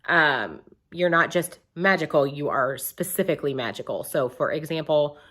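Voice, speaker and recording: Low-pitched woman, young adult, book review vlog, chatty, rambling, frequent ums. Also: expressive, normal speed, fairly bright tone.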